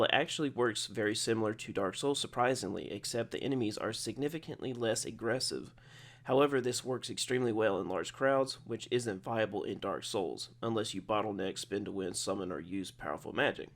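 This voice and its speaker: A young adult man hosting a gaming channel, giving casual video game commentary in a rambling, digressive way, often correcting himself and partly reading from his own post. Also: lowish voice.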